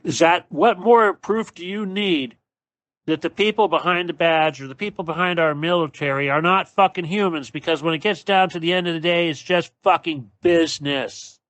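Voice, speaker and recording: A man's voice: a little high, normal speed, fairly bright tone, no room sound. A man hosting his own show, delivering a blunt, profane and sarcastic solo political rant. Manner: sarcastic, mocking. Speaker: show host.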